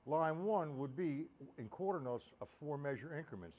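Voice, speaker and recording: A man's voice: on the high side, animated, normal speed, heavy background noise. A man giving a live-streamed drum lesson, explaining accents and counting beats aloud. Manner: counts beats aloud loudly over drumming. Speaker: drum teacher. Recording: loud drum music under voice. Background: drums playing.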